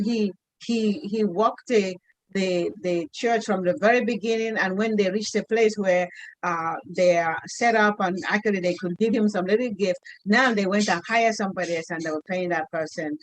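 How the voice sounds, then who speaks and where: A woman's voice: medium pitch, dry recording, rough recording. Earnest middle-aged woman sharing a testimony. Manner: earnest, halting, full of restarts. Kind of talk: heartfelt personal storytelling.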